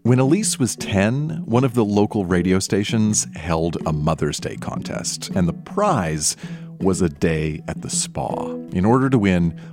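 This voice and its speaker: Very deep-voiced male host in a club. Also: expressive, a little slow. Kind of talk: live show hosting. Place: live music club. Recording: live club with loud guitar and crowd.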